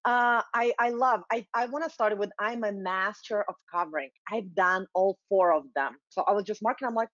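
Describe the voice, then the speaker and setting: A woman with a Russian accent, a culture consultant giving an animated presentation, slowing down for emphasis and acting out quoted voices. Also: mid-range voice, no echo, highs cut off. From Soviet Union, Russia. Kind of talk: presentation talk.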